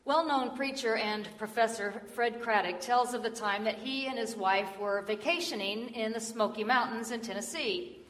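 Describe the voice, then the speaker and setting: A woman preacher giving a sermon, telling a story in a soft voice that drops low on solemn lines. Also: moderate pace. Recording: echoey hall from far off.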